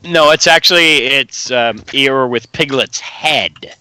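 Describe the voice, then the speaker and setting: A man's voice: medium pitch, slow, bright, forceful tone, a little hiss or hum. A man co-hosting a live stream, chatting in an easygoing way with guests and viewers. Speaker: co-host of a live stream show. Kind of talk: casual live-stream banter.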